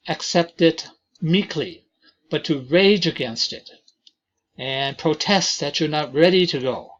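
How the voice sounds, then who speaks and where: A man teaching an introductory lesson on poetry, talking slowly with frequent fillers and reading verses aloud. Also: fairly high pitch, lo-fi sound. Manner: slow, deliberate delivery with many fillers and reading aloud of verses. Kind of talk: lecture on poetry.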